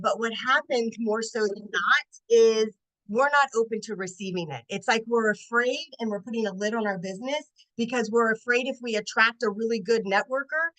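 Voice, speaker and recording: A woman in her late forties, a network marketing consultant, telling an animated sales story on a team training video call. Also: medium pitch, rough recording. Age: 40s. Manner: animated, acts out voices in her stories.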